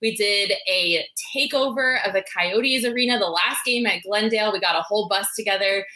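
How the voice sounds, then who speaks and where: A young woman from Colorado co-hosting a podcast, bubbly and quick to laugh in casual chat. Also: mid-range voice, sharp tone, reverberant. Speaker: podcast co-host.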